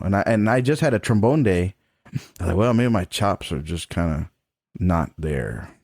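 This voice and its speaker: A middle-aged trombone professor, appearing as a podcast guest, tells a personal story in a frank, casual way, swearing freely and laughing between points. His voice sits low and is a little mellow. The recording is dry, with clean studio sound.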